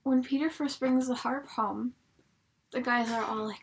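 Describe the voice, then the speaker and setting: A woman's voice: a little high, fairly even intonation, a little slow, breathy edge. A young woman reviewing a TV episode from home at her laptop, chatty and rambling, swearing freely. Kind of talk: casual spoken review.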